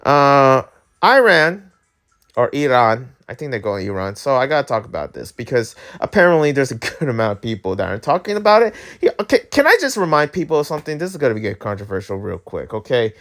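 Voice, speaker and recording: A man chats through the news on his own channel with a pitch that swings up and down. He rambles and restarts his sentences. He stays blunt and unfiltered about his opinions. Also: sing-song, quick pace, few pauses, fairly bright tone. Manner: rambling and candid, with frequent restarts and laughs. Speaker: YouTube channel host. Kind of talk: casual news commentary.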